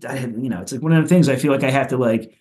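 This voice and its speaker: Profane, rambling man from Philadelphia. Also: racing. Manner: loose and profane, with many "like"s and "you know"s; animated, goes higher when telling funny bits. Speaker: punk rock musician guest. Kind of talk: casual podcast storytelling.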